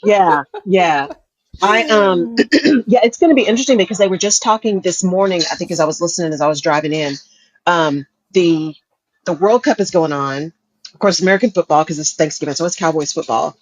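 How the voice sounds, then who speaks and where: A woman's voice: fairly low pitch, a little fast, dry recording, rough recording. A woman co-hosting a talk show, chatting casually and laughing often as she talks. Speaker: podcast co-host. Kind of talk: casual chat.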